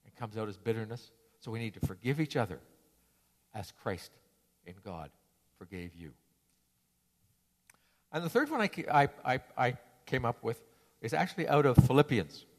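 A male preacher delivers a sermon in a relaxed, conversational manner, often restarting his sentences. His pitch sits in an ordinary mid range. The sound carries the long reverb of a church hall. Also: moderate pace, long pauses. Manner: conversational, storytelling, many restarts.

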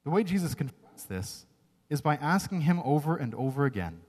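A man's voice: fairly high pitch, sing-song, brisk, a little mellow. A man preaching a sermon, earnest and emphatic, often checking in with "right?". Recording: long reverb of a large hall.

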